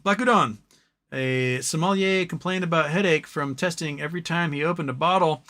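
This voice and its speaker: This man's voice runs on the high side, brisk and a bit bright. Hosting a livestream, he reads out chat comments and rants, rambling and swearing as he gives his opinions.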